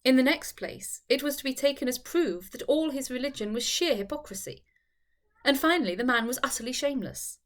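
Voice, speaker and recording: A woman reads a classic novel aloud, her fairly high voice measured and expressive. She tells the story with care, as a narrator of her own audiobook series.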